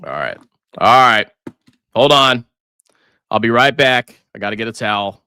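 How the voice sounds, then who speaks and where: A man hosting a casual livestream about stocks, excitable, swearing freely and quick to laugh. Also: on the low side, clear, resonant tone, no room sound, clean studio sound. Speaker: finance livestream host.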